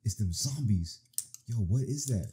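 A young man gives profane, excited let's-play commentary, talking to the game as he plays. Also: lowish voice, unhurried, slight background noise. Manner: profane, animated reactions, talks to the game. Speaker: gaming streamer.

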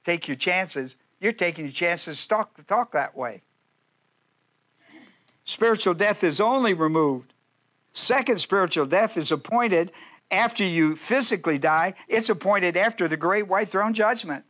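Preaching in a high, somewhat bright voice with lively intonation, a male pastor keeps things folksy and humorous. He fills the sermon with rapid asides and playful pokes at his audience.

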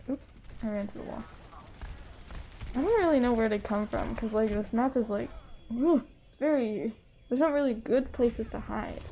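A woman's voice: on the high side, dark tone, slight background noise. A woman streaming a game live, chatting bubbly to her chat and laughing often. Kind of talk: live gameplay commentary.

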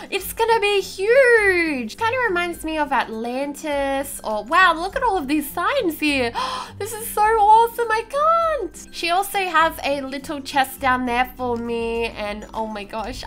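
A young woman hosting a gaming video, giving casual commentary as she tours players' builds, bubbly and gushing with frequent gasps of excitement. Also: high-pitched. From Australia. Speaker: gaming channel host. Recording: light background music.

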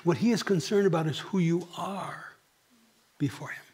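Middle-aged man, pastor, husky voice, dramatic sermon, rhetorical questions, hushed asides. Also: a little high, normal speed. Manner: dramatic, dropping to near whispers and rising for emphasis; asks the congregation rhetorical questions. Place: church.

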